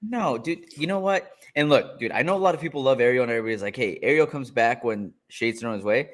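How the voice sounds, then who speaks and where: A man's voice: mid-range voice, fast. A man co-hosting a podcast, talking through a fight in easygoing casual chat. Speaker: podcast co-host.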